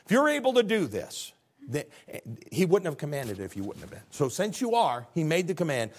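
An older man preaching a sermon, rising to loud high peaks and dropping low and quiet, often restarting phrases and asking his listeners questions. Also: wildly swooping pitch, brisk. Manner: stumbling restarts, asks the congregation questions. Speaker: pastor.

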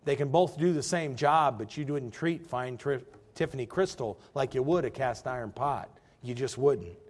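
A man's voice: medium pitch, normal speed. A man preaching a sermon as pastor. He tells folksy stories and presses the congregation with direct questions, pushing harder as he drives his points home. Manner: folksy storytelling.

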